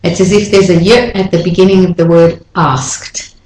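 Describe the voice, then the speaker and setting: A woman teaching an English pronunciation lesson, saying words slowly and repeating each one for the listener to copy. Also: on the low side, fairly even intonation, darkish tone, roomy sound, a little hiss or hum, rough recording.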